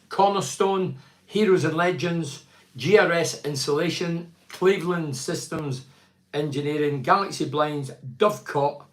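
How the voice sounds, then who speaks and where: A man's voice: fairly high pitch, reverberant. An older Scottish man reviewing a football match on a live stream, frustrated and rambling, with stammers and restarts. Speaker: football pundit.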